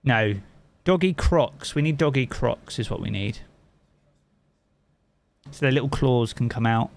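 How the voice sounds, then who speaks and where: A man's voice: medium pitch, a little slow, creaky. A man from England with a Southern English accent, a game streamer chatting casually with his live chat and swearing freely.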